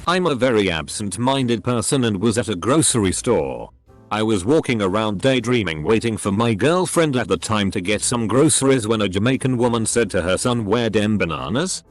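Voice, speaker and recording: A man's voice: on the low side, lively intonation, normal speed. A man narrating online stories aloud, reading punctuation and acronyms out letter by letter. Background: faint background music.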